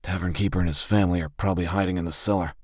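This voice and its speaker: Brief: level-headed male rogue, read by a man, calm and tactical. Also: low-pitched, very fast, breathy edge, no room sound, clean studio sound. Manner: calm, planning.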